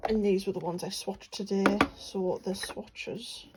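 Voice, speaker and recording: A woman's voice: medium pitch, steady tone, a little slow, very noisy. A young woman from England chatting casually about her paints, rambling with lots of fillers. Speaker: art vlogger. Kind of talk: casual chat while swatching paints.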